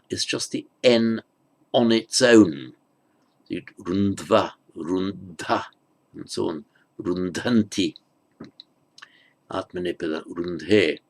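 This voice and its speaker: Slow, gravelly-voiced man teaching grammar. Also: low-pitched. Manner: halting, thinks aloud with fillers and restarts; mutters asides under his breath. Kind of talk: online grammar lesson. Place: at a desk with a tablet.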